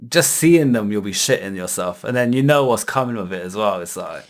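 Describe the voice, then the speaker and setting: A British man co-hosting a reaction video, chatting casually, excitable and swearing freely. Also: on the low side, fairly quick. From Britain. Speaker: reaction channel co-host.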